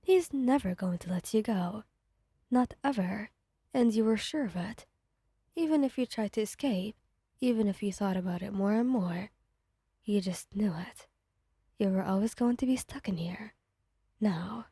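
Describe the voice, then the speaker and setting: A woman storyteller narrating a whispered role-play, her voice soft and hushed and often falling to a whisper. The tone is mellow and breathy and sits a little high, recorded close and completely dry. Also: unhurried, pauses often, no echo. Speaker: ASMR storyteller.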